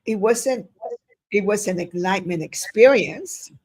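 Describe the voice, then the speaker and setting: Older woman guest with a gravelly, husky voice who tells animated stories and acts out dialogue. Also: mid-range voice, a little slow. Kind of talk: casual storytelling interview.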